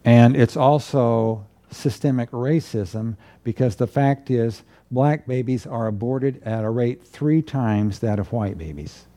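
A man, a pastor preaching a sermon from the pulpit in an earnest, measured way with emphatic declarations. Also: medium pitch, dark tone. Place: church pulpit.

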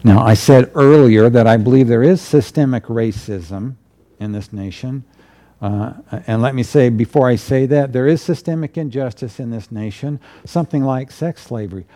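Mellow-voiced pastor preaching. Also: male voice, medium pitch. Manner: earnest, measured preaching with emphatic declarations. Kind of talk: sermon. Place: church pulpit.

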